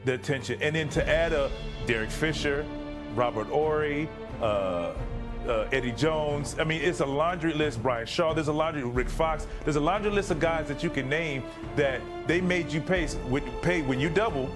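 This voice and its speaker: A man's voice: a little high, normal speed, music in the background. A man, a former basketball player, giving a thoughtful interview answer.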